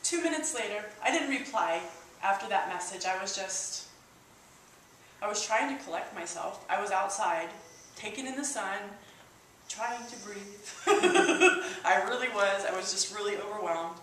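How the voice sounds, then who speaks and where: Woman giving a halting, emotional testimony. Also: medium pitch, a bit bright. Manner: halting and emotional, with frequent restarts and fillers. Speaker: church member sharing a personal testimony. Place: church hall. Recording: echoey hall, distant mic, faint hiss.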